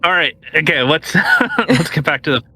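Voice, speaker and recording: A man with a bright, edgy voice co-hosts a casual podcast. He rambles, hesitating and restarting his sentences as he goes. The sound is dry and close. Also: on the high side, very animated, normal speed, breathy edge, no echo. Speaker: podcast co-host.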